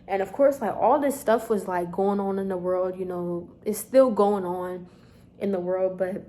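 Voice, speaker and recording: A young woman, telling a storytime vlog straight to her viewers in an animated, chatty way. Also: medium pitch, a little slow. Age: young adult. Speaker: vlogger.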